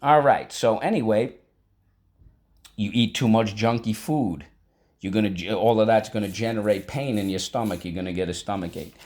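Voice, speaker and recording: A man teaching a vocabulary and spelling lesson, breaking words into syllables slowly and talking casually with frequent check-ins. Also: lowish voice, darkish tone. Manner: slow, deliberate syllable-by-syllable teaching; conversational, with frequent fillers like "all right".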